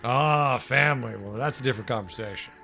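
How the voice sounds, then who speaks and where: A man's voice: mid-range voice, fairly quick, pushed and bright, soft background music. A man with a Boston accent streaming a building game, chatting casually with viewers. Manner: chatty, talks to chat viewers. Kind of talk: casual livestream chat.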